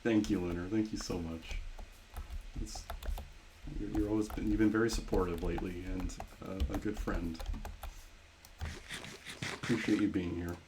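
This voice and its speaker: A man's voice: sits low, fairly even intonation, normal speed, pauses often, noisy background. A man streaming live, chatting casually with viewers while he plays, rambling and often breaking into laughter.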